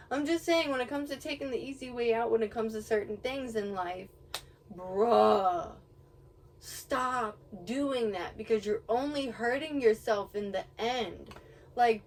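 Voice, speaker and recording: A young woman vlogging outdoors, giving a casual, rambling motivational rant full of swearing and laughing asides. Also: fairly high pitch. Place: outdoors near home, birds around. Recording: distant mic with faint background noise.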